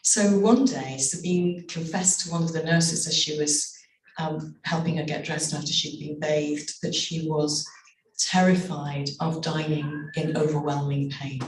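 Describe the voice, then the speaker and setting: A middle-aged woman, an author, reading aloud from her memoir and telling its stories in a measured way with slow, emphatic pauses. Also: sits low, fairly even intonation. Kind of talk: live reading and storytelling. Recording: echoey, distant room mic.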